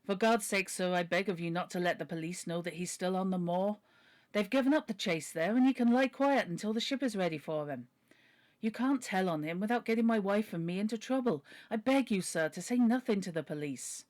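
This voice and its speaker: A woman's voice: medium pitch, fairly quick, a little mellow, lightly acted. A woman voicing a humble, pleading older male butler while reading a novel aloud. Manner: earnest, deferential, begging.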